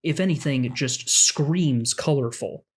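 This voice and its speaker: A man's voice: mid-range voice, slow, slightly rough. A man co-hosting a podcast in casual chat, talking in an earnest, enthusiastic, rambling way. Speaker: podcast co-host.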